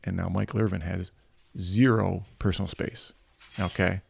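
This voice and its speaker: A man's voice: low-pitched, normal speed, creaky, slightly rough, dry recording. A middle-aged man from Michigan, a football coach, telling stories in a casual interview and acting out the people he quotes. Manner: animated anecdotes, acting out quoted voices. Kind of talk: casual storytelling.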